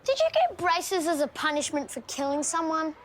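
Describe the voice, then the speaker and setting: A woman's voice: very high-pitched, very animated, normal speed, slight background noise. A woman voicing a bossy schoolchild who plays detective in a mock-serious, dramatic way. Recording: music playing underneath.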